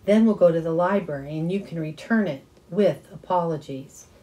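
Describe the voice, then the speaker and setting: A woman's voice: on the low side, moderate pace, dark tone, lightly acted, poor audio. A woman reading as a cold, scolding mother. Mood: stern, cold. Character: angry strict mother, middle-aged woman.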